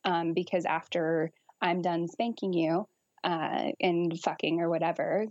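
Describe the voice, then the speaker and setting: A woman's voice: lowish voice, little pitch movement, measured pace, a little mellow, dry recording, lo-fi sound. A woman guest on a podcast, talking frankly and casually with frequent laughter and swearing. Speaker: guest kink educator.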